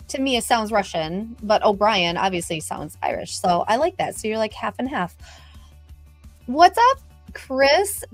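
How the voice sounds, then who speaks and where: A middle-aged woman hosting a casual live stream, chatting upbeat and greeting viewers by name as she reads the chat. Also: a little high. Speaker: livestream host reading viewer chat.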